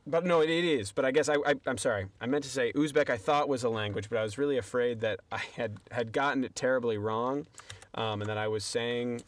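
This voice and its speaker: A man's voice: medium pitch, fairly quick. A young man streaming a game, chatting casually and rambling to his viewers in a self-deprecating way. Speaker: livestreamer. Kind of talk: casual gameplay stream chat.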